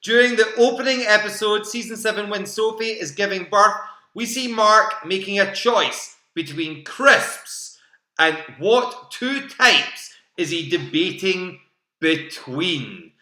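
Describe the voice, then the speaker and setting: Bright, slightly high British male quiz host at home; roomy echo, chatty and laughing. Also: lively intonation, slow. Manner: chatty, laughs often, repeats questions. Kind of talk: live online quiz hosting. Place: home room. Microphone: home computer mic.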